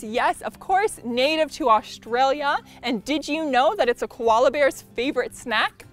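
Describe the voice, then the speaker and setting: A woman working as an essential oil specialist, giving an upbeat, informative product review with a playful touch. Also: high-pitched.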